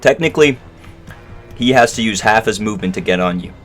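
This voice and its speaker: A man with a very low voice runs a tabletop game as game master. He talks casually, stops to explain rules and fills gaps with ums and uhs. Faint music plays behind him. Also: lively intonation, a little fast.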